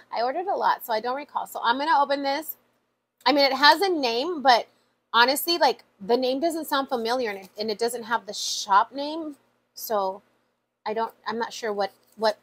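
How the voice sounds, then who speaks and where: A high-pitched woman talks casually to her viewers, opening mail with lots of fillers and heartfelt asides. Her voice sits well above the usual for a woman. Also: a bit bright. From USA. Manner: chatty and emotional, many fillers like "like" and "y'all". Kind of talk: casual chat.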